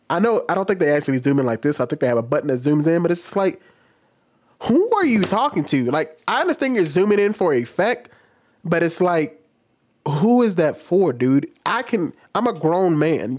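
A man's voice: fairly high pitch, sing-song, normal speed, a little mellow. Blunt, exasperated man ranting. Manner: blunt, exasperated, mocks others with exaggerated voices. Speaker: teacher. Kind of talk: casual commentary rant.

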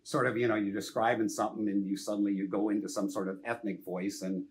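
An older man, a film director, telling anecdotes in a casual interview, lively and full of "you know" and the odd curse. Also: lowish voice, fast, slight background noise. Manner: animated, anecdotal, frequent "you know", some swearing.

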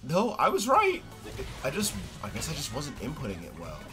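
A young man streaming a fighting game, commenting live with excitable yelps and trash talk. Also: on the high side, moderate pace, over loud music.

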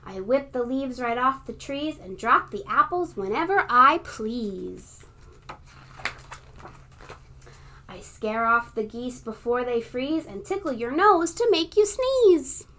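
A woman's voice: high-pitched, big pitch swings, measured pace, few pauses, full character voice. A woman voicing a proud, scolding female autumn wind spirit in a storybook reading. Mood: exasperated boasting. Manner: proud, scolding, rising to a shout.

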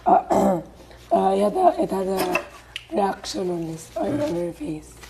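A woman, a reality show housemate, calmly translating a story into fluent English in casual chat. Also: medium pitch, measured pace, creaky, noisy background.

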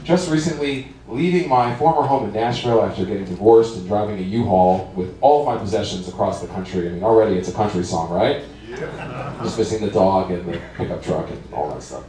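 A man's voice: lowish voice, a little fast, mellow. A male musician telling a wry, rambling story on stage between songs at a concert. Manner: wry, rambling anecdotal delivery. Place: concert venue. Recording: echoey hall from far off.

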